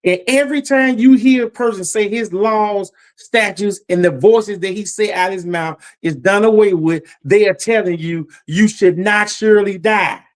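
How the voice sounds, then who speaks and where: A man's voice: high voice, normal speed, hardly any pauses. A man preaching a Bible lesson about judgment, emphatic and repetitive, his voice climbing as he warns. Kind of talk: Bible teaching sermon.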